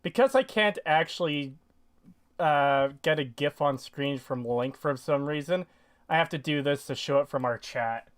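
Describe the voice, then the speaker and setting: A man hosting a livestreamed podcast in casual chat, reading donations and talking to chat in an easygoing way. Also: on the high side. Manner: slow, easygoing, reads donations.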